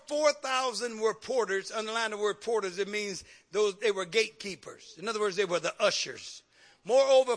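A man preaching a radio sermon, calling for amens and building to a loud, fervent pitch. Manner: preaching with call-and-response, rising to shouts. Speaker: pastor.

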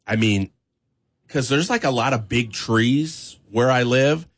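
A man's voice: medium pitch, slow pace. A man hosting a morning radio show, chatting in an upbeat way and laughing easily. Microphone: studio microphone.

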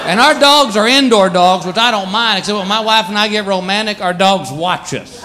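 Middle-aged guy doing standup, highish voice, wry animated storytelling, loud audience, lots of noise. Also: moderate pace. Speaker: stand-up comedian. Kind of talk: stand-up comedy. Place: comedy stage before a live audience. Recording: live show with loud crowd laughter.

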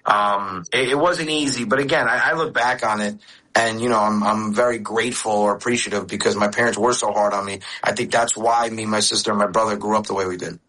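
A man's voice: lowish voice, steady tone, fairly quick, sharp tone, poor audio. A man in his forties, raised in the United States, talking as a radio interview guest and telling candid stories with many restarts. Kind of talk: casual interview chat.

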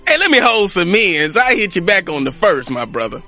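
A brash street-slang teacher, played by a man barks out lines in a comedy sketch. The voice is very high, bright and swoops wildly. Faint music plays behind. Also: big pitch swings, normal speed, full character voice.

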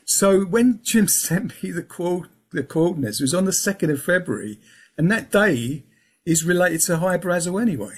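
A man's voice: sits high, expressive, normal speed, breathy edge. A man talking casually as an interview guest, rambling, restarting his sentences and filling with um and yeah. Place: lives in England.

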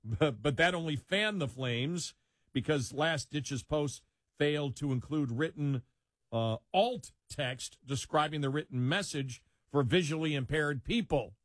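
A man reads a news item aloud for a talk show, breaking off now and then to chuckle or add a wry aside. His voice sits a little high for a man. The recording is close and dry, with no room sound. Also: unhurried, dry recording. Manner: reads with frequent laughter and asides. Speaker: co-host reading a news story. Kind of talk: casual commentary, reading quotes aloud.

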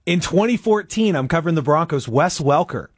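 A man's voice: a little high, lively intonation, a little fast, husky, dry recording, studio quality. A man on a sports talk radio show, telling an amused story about covering a team.

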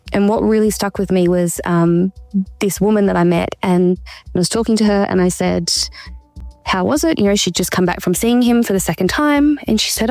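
A woman's voice: medium pitch, brisk, vocal fry, darkish tone, soft background music. A woman guest in an interview, telling her own story in an earnest, searching way with frequent restarts. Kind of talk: personal account in an interview.

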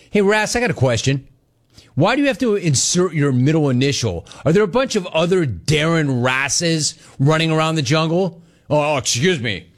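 A man's voice: a little high, very animated, moderate pace. A middle-aged man hosting a live call-in show, reading viewer messages aloud in a brash, jokey, teasing manner. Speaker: talk show host.

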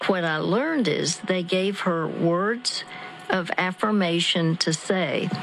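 A woman counseling a caller on a call-in radio show, guiding slowly and gently. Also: lowish voice, slight background noise, rough recording.

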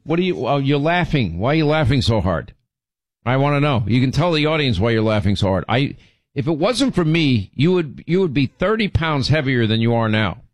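A man's voice: medium pitch, very animated, brisk, dry recording. A middle-aged man hosting a show, telling rambling stories and teasing his co-host in casual banter. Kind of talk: casual on-air storytelling.

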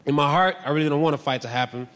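A male comedian tells stand-up stories with a high, animated voice and keeps breaking into shouted bits. His voice rings out with a long hall reverb. Faint background ambience sits underneath. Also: rapid-fire, a little hiss or hum.

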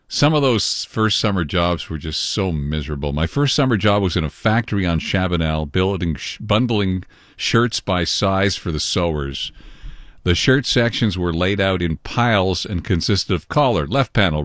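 A man hosting a morning radio show from a studio, easygoing and halting with fillers. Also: deep voice, fairly bright tone, no echo. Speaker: radio host.

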